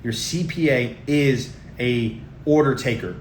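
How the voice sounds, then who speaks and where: Male show host, middle-aged, punchy and repetitive delivery, calls viewers guys; mid pitch, roomy sound. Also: a little slow, slight background noise. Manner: emphatic and repetitive, often addresses viewers as guys. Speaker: show host giving tax and investing tips. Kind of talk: casual talk to camera.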